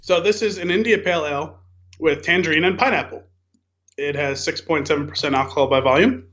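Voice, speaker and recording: A man's voice: fairly high pitch, a little fast, a bit bright. Male podcast co-host, flustered, lo-fi sound. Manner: self-deprecating, a bit flustered. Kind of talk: casual chat, reading a beer label aloud. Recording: dull lo-fi podcast mic.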